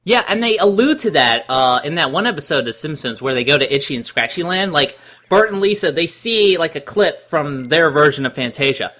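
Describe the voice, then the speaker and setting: A man giving animated, laugh-filled commentary on a video game, sharing trivia along the way. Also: fairly high pitch, a little fast. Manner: animated, giggly, full of trivia. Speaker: let's play co-commentator. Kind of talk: casual gameplay commentary.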